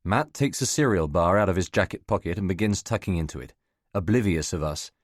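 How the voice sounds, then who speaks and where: A man giving measured, scripted first-person narration of a novel for an audiobook. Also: sits low, no room sound, studio quality.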